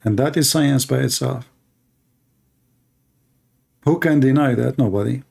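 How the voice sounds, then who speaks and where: A man's voice: mid-range voice, a little slow, vocal fry, a little mellow, breathy edge. A man hosting a polemical talk who speaks in sarcastic, mocking, non-standard English. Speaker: host.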